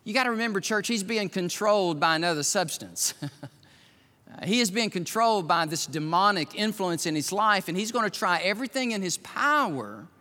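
A man preaching a sermon to his church as pastor, swinging between loud exhortation and quiet emphasis. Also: high voice, lively intonation, normal speed. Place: church sanctuary. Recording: long hall reverb.

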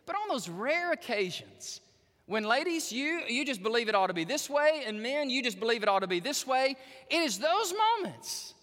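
Male pastor, sermon delivery, bright lively high voice, long hall reverb. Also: moderate pace. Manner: animated storytelling, addresses the women in the audience directly.

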